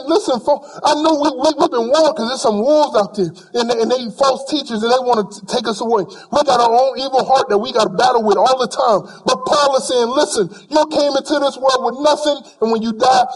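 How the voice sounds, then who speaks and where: A man's voice: very high voice, a little fast, few pauses. A male preacher delivering an emphatic sermon, repeating phrases for weight and acting out imagined people in casual speech.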